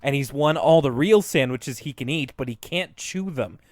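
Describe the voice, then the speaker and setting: A man co-hosting a podcast in casual chat, retelling cartoon scenes in an animated way, with lots of fillers and laughs. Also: mid-range voice, normal speed, dry recording, clean studio sound. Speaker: podcast co-host.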